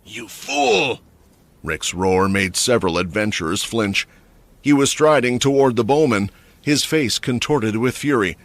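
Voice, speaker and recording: A man narrating a fantasy story recap with an expressive, dramatic delivery. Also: on the low side, normal speed, dry recording.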